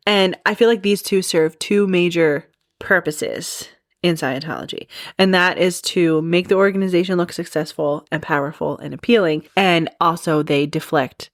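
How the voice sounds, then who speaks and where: A podcast host explains a topic in a chatty, casual monologue full of "like" and "you know," laughing at herself along the way. Her voice is on the low side, recorded in studio quality with no room sound.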